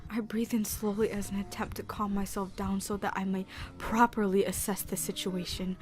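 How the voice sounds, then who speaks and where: A woman voicing a frightened shy teenage girl in whispered role-play, reading anxious first-person game narration in a hushed voice. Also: mid-range voice, little pitch movement, moderate pace, faint music behind, natural voice.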